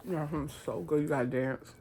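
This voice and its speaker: Casual woman vlogger with a lowish voice, animated and chatty, talks with her mouth full at times. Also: moderate pace, background noise. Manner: chatty and animated, laughs often; eating while talking. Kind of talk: casual vlog chat.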